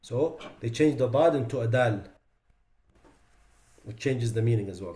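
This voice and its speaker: A man teaching a tajweed class on recitation mistakes. He recites each sound as an example, then drops his voice low to say what is wrong with it. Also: unhurried, warm tone. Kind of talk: tajweed lesson.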